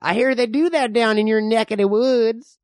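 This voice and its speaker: A man voicing a nosy, rambling, bigoted old frontier man who talks in slow, folksy slang. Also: very high voice, steady tone, no echo, clean studio sound. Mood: suspicious.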